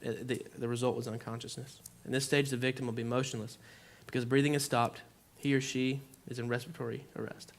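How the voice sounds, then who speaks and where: A man's voice: medium pitch, flat delivery, fast talker, few pauses. Young man preaching in a casual way. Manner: conversational, lots of "like", acts out his own reactions. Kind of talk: informal sermon with personal story. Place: church.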